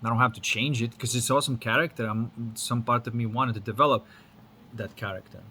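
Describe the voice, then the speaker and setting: Bright-voiced Lithuanian man with mixed accent. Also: mid-range voice, steady tone, a little fast, slight background noise. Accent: mixed Lithuanian, American and British English. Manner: rambling, frank, swears casually. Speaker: spiritual teacher. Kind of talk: casual spiritual talk.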